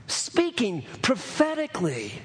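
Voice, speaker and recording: A man preaching a sermon as pastor, earnest, repeating phrases, moving between raised proclamation and hushed asides. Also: high voice, huge pitch swings, measured pace. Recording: long hall reverb.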